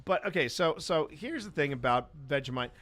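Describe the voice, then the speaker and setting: This is a male podcast host in casual talk who often trips over his own restarts. He has a bright, forceful voice pitched a little high. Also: expressive, a little fast. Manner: rambling, with frequent restarts. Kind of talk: casual podcast chat and news reading.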